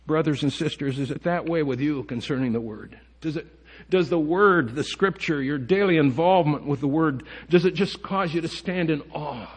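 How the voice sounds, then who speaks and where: A man preaching an earnest sermon to his congregation, his voice sitting a little high for a man. He reads scripture aloud and stops to put direct questions to his listeners. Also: animated, moderate pace, breathy edge. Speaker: pastor. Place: church.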